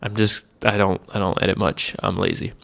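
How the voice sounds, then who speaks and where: A man's voice: low voice, fairly even intonation, normal speed, creaky, a bit bright. A man in his twenties telling a rambling, laid-back story to camera in a casual vlog, with a self-deprecating manner. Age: 20s. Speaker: cigar vlogger.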